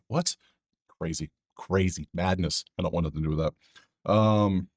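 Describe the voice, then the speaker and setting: A man's voice: low-pitched, no room sound, clean studio sound. A man hosting a casual sports betting breakdown, rambling with joking asides to his viewers.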